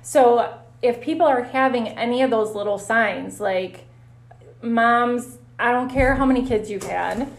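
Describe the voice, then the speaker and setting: A woman physical therapist telling stories in a casual interview, animated and quick to laugh. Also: a little high, vocal fry. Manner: animated, laughs often, acts out her own reactions. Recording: roomy echo.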